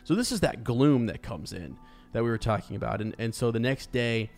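A man's voice: mid-range voice, lively intonation, brisk, vocal fry, darkish tone, soft background music. Man musing over a book with restarts. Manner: thinking aloud with many restarts and fillers. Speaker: podcast co-host. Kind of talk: casual book discussion with read-aloud passages.

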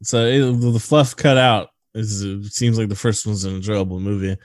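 A man's voice: lowish voice, fairly even intonation, normal speed, dry recording. A man co-hosting a podcast, chatting casually about a bad movie, crude and jokey, often laughing. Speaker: podcast co-host.

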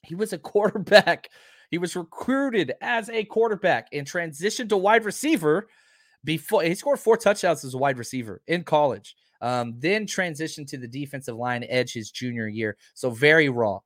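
A man's voice: on the high side, expressive, normal speed, no room sound, clean studio sound. A man hosting a live show, chatting casually and emphatically while reading out viewer comments. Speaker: podcast host. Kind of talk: casual live-stream chat.

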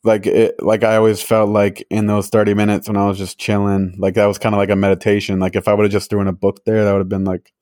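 A man's voice: lowish voice, monotone, quick pace, a little mellow, dry recording, studio quality. A young man co-hosting a podcast, chatting casually and rambling with lots of filler words. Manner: rambling, many "like" fillers, laughs easily. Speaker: podcast co-host. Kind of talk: casual chat.

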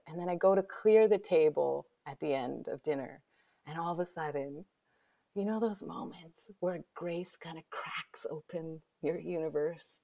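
A woman guest, an author, telling a personal story in conversation, lively and dropping to whispers for her inner thoughts. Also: low-pitched.

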